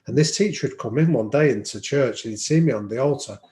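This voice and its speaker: A man's voice: mid-range voice, fast, mellow. A man telling stories as a podcast guest, reflective and anecdotal, with frequent ums. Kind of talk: storytelling in an interview. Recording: roomy echo.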